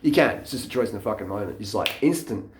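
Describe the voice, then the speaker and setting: A man's voice: fairly low pitch, expressive, fast, reverberant, background noise. A man, vlogging into a handheld camera in a blunt, mocking rant full of swearing. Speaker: fitness vlogger. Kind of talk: profane off-the-cuff rant.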